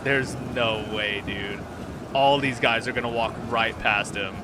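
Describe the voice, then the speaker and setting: A young man giving live gameplay commentary as a streamer, excitable and swearing when frustrated. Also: lowish voice, measured pace, background noise. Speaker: game streamer.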